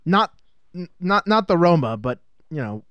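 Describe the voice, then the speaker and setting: Crude, joking male podcast co-host, slightly high voice, dry close mic. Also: sing-song, normal speed, a bit bright, no echo, highs cut off. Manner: joking, crude, mocks characters in silly voices. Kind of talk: casual movie-review chat.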